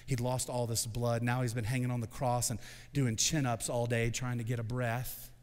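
A man preaching a sermon as senior pastor, moving from quiet, hushed reflection up to shouted proclamation. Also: mid-range voice, level tone, moderate pace, big-room sound. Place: church sanctuary.

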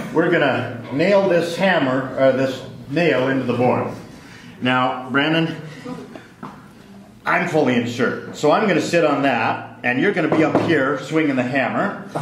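A middle-aged man lecturing on physics to a live class in a large lecture hall, telling stories with chuckles. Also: fairly high pitch. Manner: lively storytelling with chuckles. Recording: very echoey lecture hall, faint noise.

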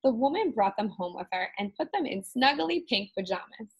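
A woman teacher reading a Halloween picture book aloud to children with expressive storytelling. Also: a little high, normal speed, husky, rough recording.

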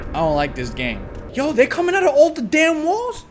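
A man's voice: very high voice, huge pitch swings, moderate pace, a little hiss or hum. A young man streaming a horror game, talking in slang, swearing and crying out at every scare. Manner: jumpy, loud outbursts, swearing slang. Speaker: gaming channel host.

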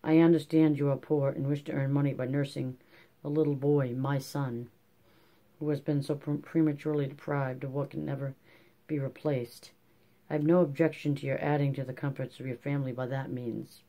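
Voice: medium pitch, flat delivery, a little fast, warm tone, natural voice. A reader voicing a cold, proud, wealthy businessman in an audiobook, formal and commanding. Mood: stern. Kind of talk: audiobook character reading.

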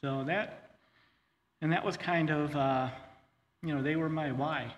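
A middle-aged man telling his personal testimony in a church, earnest and halting, with many fillers and restarts. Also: fairly high pitch, fairly even intonation, muffled recording. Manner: earnest, says he gets choked up. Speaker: guest speaker sharing his testimony. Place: church hall. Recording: long hall reverb, faint ambience.

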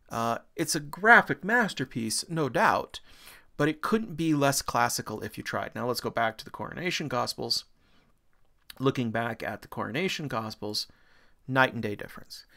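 A man's voice: medium pitch, sharp tone. A middle-aged man giving a recorded university art history lecture, talking eagerly through slides. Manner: enthusiastic, pointing things out on slides.

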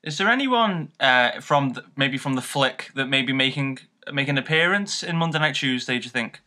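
A British man co-hosting a comedy podcast, asking questions with lots of halting restarts. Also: mid-range voice, animated, bright, forceful tone. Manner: halting, filler-heavy questioning. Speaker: podcast co-host.

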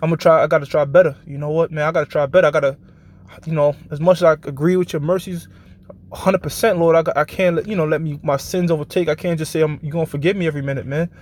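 A man hosts a live show where he preaches informally, blunt and profane, regularly checking in with his listeners and slowing down to read scripture passages. His voice is a little high and a little mellow, with fairly even intonation.

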